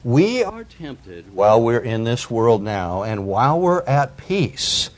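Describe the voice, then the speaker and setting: A man's voice: mid-range voice, very animated, slow pace. Man preaching through a Bible passage. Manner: reads scripture aloud with rising emphasis, then explains plainly. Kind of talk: sermon, Bible reading and commentary.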